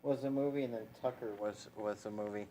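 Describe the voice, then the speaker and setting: A man's voice: on the low side, steady tone, brisk, warm tone, a little hiss or hum, low-quality recording. A man co-hosting a casual podcast, recounting a film scene emphatically. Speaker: podcast co-host. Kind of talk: casual chat.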